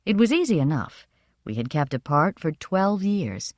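Low-voiced expressive woman narrator. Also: dry recording, clean studio sound. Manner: measured, expressive storytelling. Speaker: audiobook narrator. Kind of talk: first-person scripted narration.

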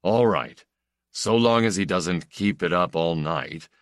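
A man's voice: deep voice, unhurried, no echo, studio quality. A man voicing an edgy, ingratiating male prisoner with a mocking, sardonic drawl.

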